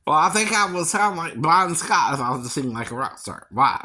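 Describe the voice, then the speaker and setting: A man's voice: a little high, moderate pace, bright, forceful tone. A man vlogging in a rambling casual monologue, chuckling often and ending lines with a questioning tag. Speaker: vlogger and singing impersonator.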